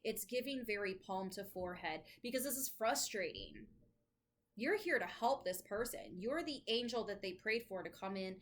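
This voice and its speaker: A woman's voice: mid-range voice, expressive, normal speed, low-quality recording. A woman giving a casual tarot reading to camera, chatty and thinking aloud, with the odd swear, at home with her dogs nearby. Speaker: tarot reader.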